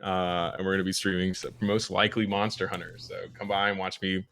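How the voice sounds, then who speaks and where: A laid-back man on a boom-arm mic, talking casually as a player in a tabletop game. His voice is very deep with a bright edge. The sound is dry and close. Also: little pitch movement, fairly quick, smooth, no echo. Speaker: player and streamer. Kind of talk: casual chat.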